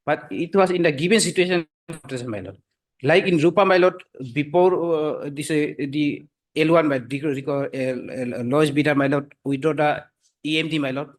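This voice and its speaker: A man arguing before a judge in a courtroom, halting with many fillers and addressing the bench as "my lord" again and again. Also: a little high. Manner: hesitant, full of fillers, repeats "my lord" constantly. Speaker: advocate for the government. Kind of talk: courtroom argument.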